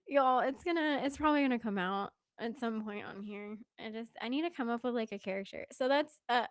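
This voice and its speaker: A woman's voice: fairly high pitch, normal speed, pauses often, no echo, clean studio sound. A young woman with a Southern American accent chatting casually on a live stream, giggly and chatty, often dropping into whispered asides. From Southern United States.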